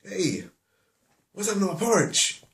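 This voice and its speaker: A man's voice: high voice, big pitch swings, unhurried, a bit bright, recorded from a distance, pitched above the performer's own voice, full character voice. A man voicing an indignant father bear who exclaims in a raised voice. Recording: roomy echo.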